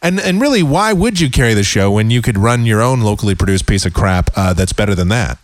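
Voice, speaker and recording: Brief: snarky male talk-radio host, animated rant, close and dry. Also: fairly low pitch, a little fast, no room sound. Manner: sarcastic, ranting, lively.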